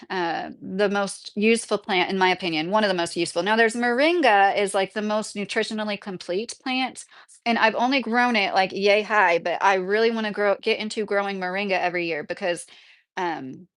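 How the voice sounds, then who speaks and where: Woman, livestream host, rambling chatty delivery, answers viewers by name. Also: mid-range voice. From Kentucky. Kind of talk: casual live-chat talk.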